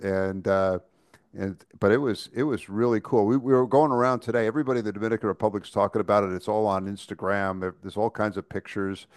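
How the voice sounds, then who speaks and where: A man's voice: lowish voice, fairly even intonation, fast, clear, resonant tone, no echo, studio quality. A man co-hosting a podcast, talking casually and chattily with frequent restarts and stammers. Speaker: podcast co-host. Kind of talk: casual chat.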